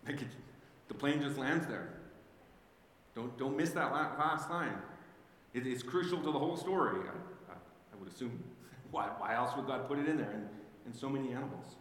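A male pastor preaching a sermon, telling the story with animated restarts and acting out the figures. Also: medium pitch, moderate pace. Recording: very echoey hall, faint background noise.

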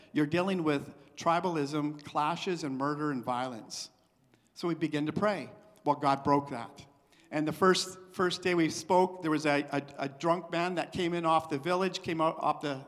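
A male missionary preacher giving a sermon testimony, swinging between hushed and loud, excited passages. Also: a little high, moderate pace. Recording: long hall reverb.

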